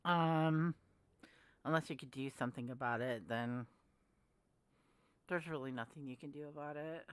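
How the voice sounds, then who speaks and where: A woman with a deep, smooth voice hosts a casual livestream at normal speed, and the recording is dry. She chats with viewers in a rambling, friendly way, reading their comments as she goes.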